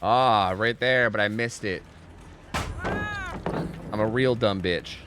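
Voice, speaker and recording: A man's voice: mid-range voice, wildly swooping pitch, takes it slowly, a bit bright, slight background noise. A man streaming a game live, giving casual commentary, swearing often and chatting with his viewers. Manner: laid-back, swears often, chats with viewers.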